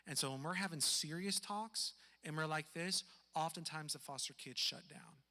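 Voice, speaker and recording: A man who is a foster parent, telling a personal story in an earnest, emphatic way that drops to a hush for sad parts. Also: fairly high pitch, normal speed, in a large hall.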